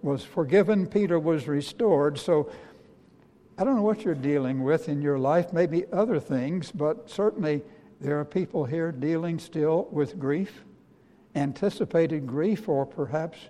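A man's voice: on the high side, unhurried, mellow. A man preaching a sermon, speaking earnestly and directly to his congregation. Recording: long reverb of a large hall.

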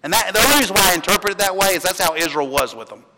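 A man's voice: high-pitched, lively intonation, very fast. Man preaching in an echoing hall. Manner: conversational, storytelling, with restarts and laughs. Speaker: pastor. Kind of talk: sermon. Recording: long hall reverb, loud background noise.

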